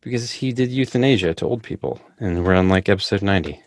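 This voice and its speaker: A man's voice: sits low, fast, dry recording, studio quality. A man hosting a podcast, joking and bantering in casual chat. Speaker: podcast host.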